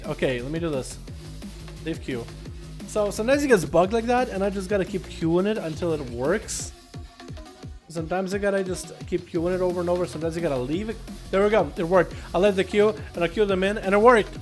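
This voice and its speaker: A young man with a high, light voice hosts a game livestream, bantering with viewers and teasing himself. He shifts into fast, excited play-by-play as the duels start. Faint music plays underneath. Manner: playful, self-mocking, quick excited commentary. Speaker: streamer hosting arena duels. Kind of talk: casual livestream chat and play-by-play commentary.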